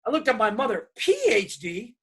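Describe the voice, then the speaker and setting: A man telling a personal story to an audience as a diversity speaker. He talks in an animated way and acts out the voices of family members as he goes. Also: high-pitched, moderate pace, husky. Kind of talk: storytelling keynote talk.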